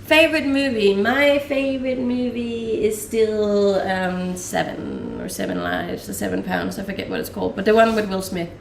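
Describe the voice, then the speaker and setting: A young Danish woman chats casually on a live stream, answering viewer questions in a relaxed way with lots of laughter and plenty of fillers. Her medium-pitched voice is sing-song and gravelly, moving at a moderate pace with few pauses. The room is echoey, the mic sits a bit far off, and there's slight background noise.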